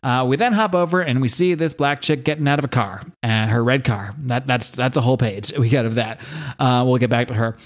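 A man's voice: medium pitch, fairly quick. Man, podcast co-host, casual recap of a comic, light character reads. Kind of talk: casual chat, reading a comic aloud.

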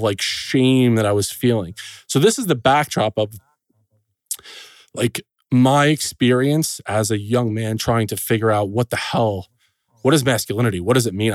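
A man's voice: lowish voice, a little mellow, dry recording, clean studio sound. Earnest man telling a painful story. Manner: earnest, emotional, pauses and restarts often. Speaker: podcast guest. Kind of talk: personal storytelling in a podcast interview.

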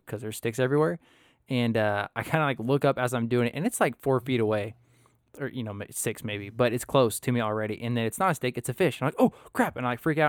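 A man with a medium-pitched, clean-toned voice hosts a casual podcast chat, telling stories amid lots of laughter and loose, rambling asides. The recording is dry, with clean studio sound.

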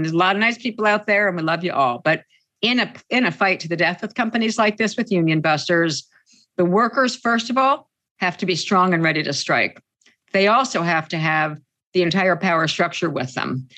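A woman labor organizer lays out her strategy in an interview. She speaks emphatically and insistently, hammering her main points home. She slows right down on the words she wants to stress. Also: on the low side, a bit bright. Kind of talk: interview answers.

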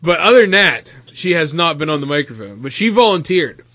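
Male podcast host, bright lively voice, excitable storyteller, slightly dull mic. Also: a little high, a little fast, no echo. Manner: animated storyteller, stammers when excited. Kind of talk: casual banter.

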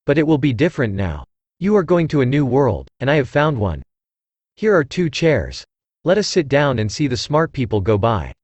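A man's voice: medium pitch, very animated, moderate pace, darkish tone, breathy edge, dry recording. A synthesized male voice reading the lines of a starry-eyed young actress in love, with effusive, rapturous phrasing. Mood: affectionate. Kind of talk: audiobook reading.

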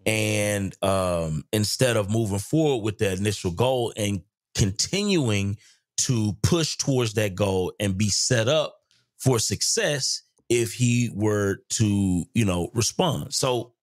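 Low-voiced reflective man hosting a podcast. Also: no echo, studio quality. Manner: reflective, searching for words with many restarts. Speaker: podcast host. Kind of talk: casual podcast conversation.

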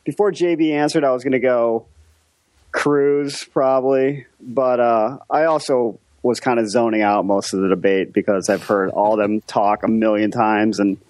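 A man's voice: mid-range voice, steady tone, normal speed, a little mellow, dry recording. A man guesting on a casual political podcast, hesitant and wry, often trailing off.

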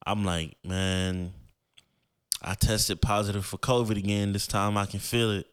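A young podcast host tells a personal story in a loose, rambling way packed with slang and fillers. His fairly low voice sounds smooth, resonant, and fairly bright, with a level tone and measured pace.

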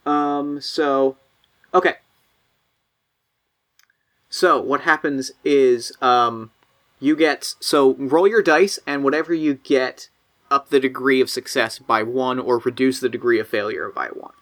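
A man's voice: mid-range voice, takes it slowly, a bit bright. A man running a tabletop role-playing game, narrating scenes casually with lots of fillers and restarts. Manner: casual, filler-heavy, playful. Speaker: game master.

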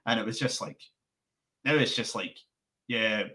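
A young man chatting casually as a podcast founder, rambling and restarting his sentences in an animated way. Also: lowish voice, unhurried. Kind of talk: casual interview chat.

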